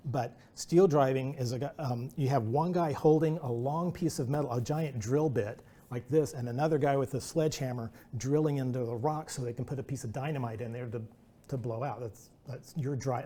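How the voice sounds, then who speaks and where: Mellow-voiced man giving a rambling talk. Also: medium pitch. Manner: rambling, chatty, self-deprecating with many restarts. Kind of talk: presentation talk with anecdotes.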